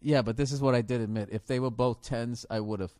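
A man hosting a podcast, telling a comic story in a profane, animated way. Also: medium pitch, a little fast, no room sound. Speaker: podcast host. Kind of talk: comedic podcast rant.

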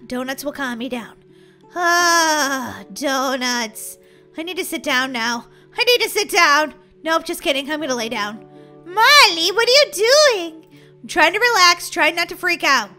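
Super high squeaky woman doing a dramatic game roleplay, bright, music in the back. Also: measured pace. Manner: excitable, dramatic, giggly. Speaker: game role-player. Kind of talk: playful game role-play.

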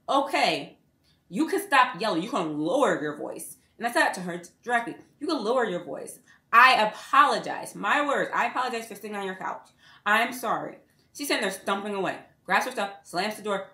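Sassy young woman telling a storytime. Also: fairly high pitch. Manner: animated, sassy retelling of a feud. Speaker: vlogger. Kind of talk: casual storytime. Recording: roomy echo.

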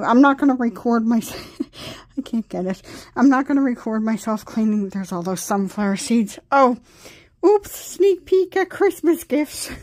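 A woman's voice: medium pitch, darkish tone. A tired woman chatting casually at her desk at home, rambling and getting sidetracked as a vlogger. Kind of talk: casual chat.

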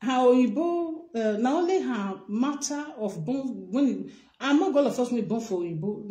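A woman with a Nigerian Pidgin English accent delivers a direct-to-camera rant, repeating herself for emphasis as she addresses someone. Her voice is mellow and on the dark side. The sound carries a roomy echo. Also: a little high. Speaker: vlogger.

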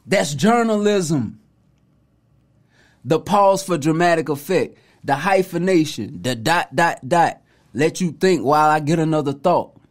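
A man's voice: a little high, lively intonation, a little slow. A man hosting a podcast, delivering an opinionated commentary monologue in casual slang, mocking and preachy. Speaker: podcast host.

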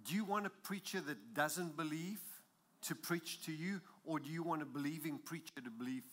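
A man's voice: on the high side, moderate pace, fairly bright tone, slight background noise. A man preaching a sermon as pastor, with an accent, emphatic and building in intensity, chuckling at his own jokes.

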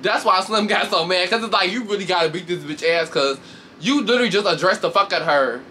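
A man casually recapping a reality show fight with lots of swearing, laughter, and sudden high mocking voices. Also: quick pace, slight background noise. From Chicago. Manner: animated, profane, laughs often, shifts into high mocking voices. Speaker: commentator reacting to a reality show. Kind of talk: casual chat.

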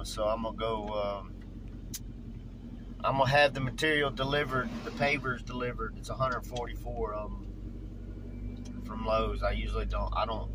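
A man with a Southern drawl vlogging casually, rambling in a folksy, animated way. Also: lowish voice, background noise. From Virginia. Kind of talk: casual chat, vlogging while driving.

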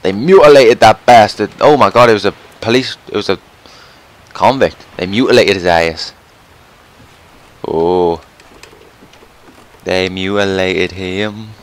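A young man giving loud, profane let's play commentary, yelling and swearing at the game. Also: on the low side, unhurried, long pauses. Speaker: gameplay commentator.

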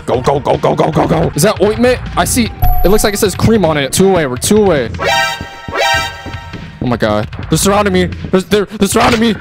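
A man doing excitable let's play commentary at his gaming setup, trash-talking game characters and yelling when startled. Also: sits high, brisk, creaky, music in the background. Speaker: gaming YouTuber.

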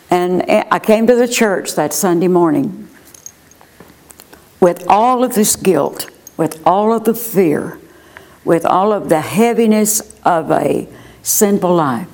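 An older woman sharing a personal testimony as an interview guest, earnest and unhurried. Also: on the low side, a little mellow. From United States. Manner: slow, earnest storytelling.

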